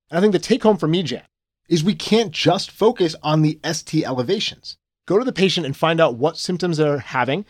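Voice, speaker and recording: A man's voice: a little high, no room sound, clean studio sound. Man explaining a medical case. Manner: explanatory, clinical teaching tone. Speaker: podcast co-host. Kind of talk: conversational medical podcast summary.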